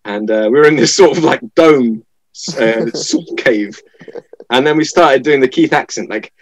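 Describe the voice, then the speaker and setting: A man's voice: mid-range voice, moderate pace, poor audio. A British man in his thirties, a guest telling anecdotes in casual chat. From Britain. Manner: lively anecdotal storytelling. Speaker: guest, fencer.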